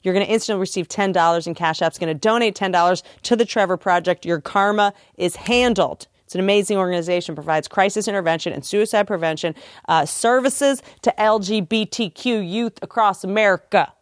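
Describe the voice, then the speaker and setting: A woman's voice: medium pitch, no echo. Woman podcast host goofing through an ad read, laughs a lot, dry close sound. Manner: joking, laughs often, rushes through ad copy. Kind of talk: playful ad read.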